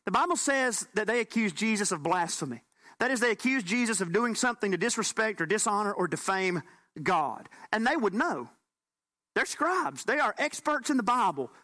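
A man pastor preaching a sermon, animated and folksy with bits of humor. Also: high-pitched, fairly quick.

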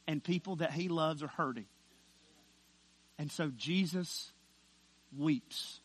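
This preacher speaks with a fairly high pitch, pressing his points hard from the pulpit. His delivery drops almost to a whisper before swelling loud again on deliberate, weighted words.

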